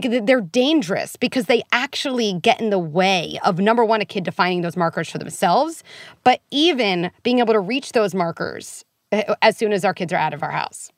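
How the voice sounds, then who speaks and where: A woman speaking as a guest on a podcast, talking quickly and with feeling about raising children. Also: on the high side, a bit bright, no echo, studio quality. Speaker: guest expert on parenting. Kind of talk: podcast conversation.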